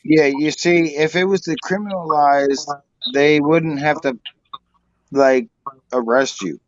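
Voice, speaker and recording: A man's voice: fairly high pitch, takes it slowly. A man on a casual online panel who keeps pressing his questions and cutting in. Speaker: panel guest. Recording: dry, dull call audio.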